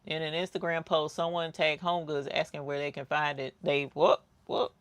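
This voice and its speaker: A woman's voice: low-pitched, little pitch movement, normal speed, smooth, no room sound. A woman hosting a crafting livestream, chatting casually with viewers, telling stories and reading out their comments. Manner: chatty storyteller, talks to viewers, reads out chat comments.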